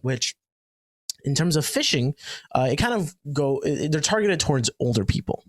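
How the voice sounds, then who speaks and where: A man's voice: fairly high pitch, expressive, moderate pace, dry recording, clean studio sound. A man co-hosting a podcast in a casual, chatty way, joking around and using plenty of fillers and restarts. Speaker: podcast co-host. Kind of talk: casual chat.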